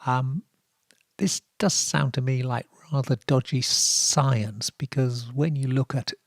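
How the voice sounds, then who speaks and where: A man with a Norfolk accent hosting a radio show, telling odd stories in a relaxed, wry way with many fillers. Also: medium pitch, slow pace, dry recording, clean studio sound. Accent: Norfolk English. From England. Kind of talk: relaxed radio talk with dry asides.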